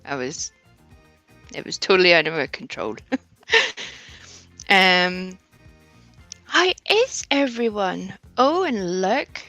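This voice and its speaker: Bright, lively woman streamer. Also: lowish voice, slow pace, pauses often, no echo, soft background music. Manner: laughs often, warm chatty greetings. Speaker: livestream host. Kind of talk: casual livestream chat greeting viewers.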